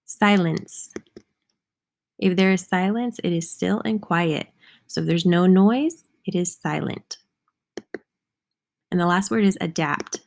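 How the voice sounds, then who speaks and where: A young adult woman teacher giving a slow, clear lesson for young children, patiently spelling words out letter by letter. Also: fairly low pitch, darkish tone.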